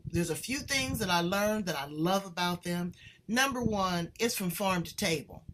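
A woman hosting a casual interview, brisk and emphatic with quick asides. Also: on the low side, lively intonation, a bit bright, slight background noise, poor audio. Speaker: host.

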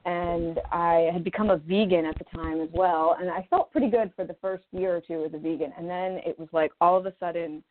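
A woman's voice: lowish voice, fairly even intonation, fairly quick, hardly any pauses. A woman in her thirties from Maryland, a naturopathic doctor telling her own story in a chatty interview, acting out quotes as she goes. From Maryland, USA. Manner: chatty, with quoted asides and laughs. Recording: phone-line sound.

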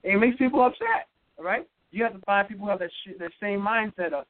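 A man's voice: sits high, fast talker. A man hosting a motivational radio talk, preachy, calling listeners "folks" and asking "guess what". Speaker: radio host. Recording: tinny phone-line radio audio.

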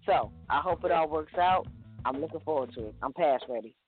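Excited, slangy male co-host. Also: fairly high pitch. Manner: excited, slangy, quick asides. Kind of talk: casual show chat. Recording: tinny phone-like sound with faint music.

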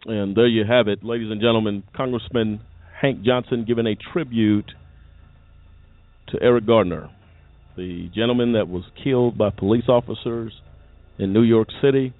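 A man's voice: on the low side, fairly even intonation, normal speed, dry recording. A man hosting a talk show, speaking emphatically and rambling with repeated phrases. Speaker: radio talk show host. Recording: tinny phone-like audio with faint music.

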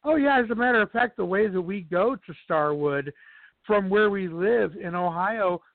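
A man's voice: sits high, animated, moderate pace, gravelly, no room sound. A man as a podcast guest in casual chat, rambling through anecdotes with many restarts. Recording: dry tinny phone-like sound.

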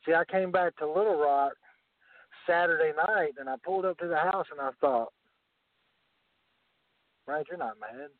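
A man's voice: fairly high pitch, a little fast, no room sound. A man with a Southern accent, a wrestling commissioner, delivering boastful, menacing trash talk. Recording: tinny phone line, dry.

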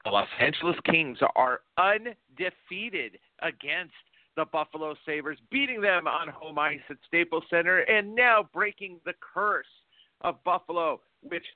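Man, somewhat high voice, hockey fan co-host, rambling with "uh" pauses, thin phone-like audio. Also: expressive, no room sound. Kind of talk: casual sports talk radio.

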